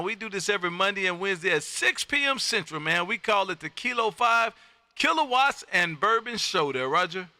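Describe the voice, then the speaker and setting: A man hosting a live ham radio stream from his home radio room, loud and folksy, calling CQ and repeating his phrases. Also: high voice, animated, fairly quick, no room sound. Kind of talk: calling CQ and chatting with contacts.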